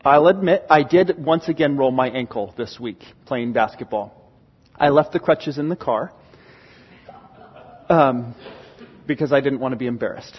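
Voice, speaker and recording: A man, a pastor, preaching a sermon and telling stories with animated, acted-out exclamations. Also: medium pitch, normal speed, long pauses, breathy edge. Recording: dull, lo-fi recording with long hall reverb.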